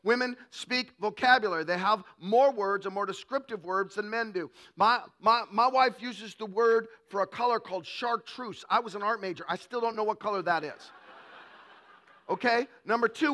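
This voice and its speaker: Male preacher, high and bright, comic storytelling sermon. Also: moderate pace. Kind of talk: humorous sermon.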